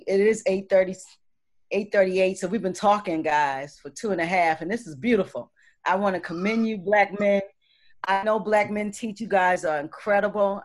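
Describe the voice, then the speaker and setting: A woman hosts an online radio talk show in an easy, chatty way. She gushes with thanks and stumbles through fillers and restarts, at a middle pitch. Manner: warm, effusive, many fillers and restarts. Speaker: host.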